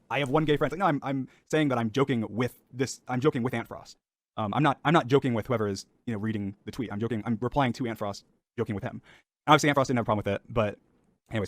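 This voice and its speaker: A man rattles through a defensive explanation at a very fast pace. He restarts sentences often and fills gaps with ums, in a casual monologue. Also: medium pitch, dry recording. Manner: rushed, self-defending, many restarts and ums. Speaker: content creator in a played clip.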